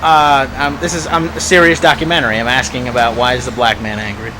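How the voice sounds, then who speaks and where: A man's voice: mid-range voice, little pitch movement, fast, natural voice. A man doing an earnest, awkward documentary director. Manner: earnest, hesitant interviewer. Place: outdoors on a city street. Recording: loud street traffic noise.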